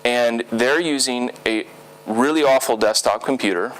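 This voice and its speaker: A man's voice: mid-range voice, moderate pace, a bit bright, rough recording. A man giving a live talk at a design conference, speaking conversationally with lots of fillers and checking in with the audience. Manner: conversational, many fillers and "okay?" tag questions.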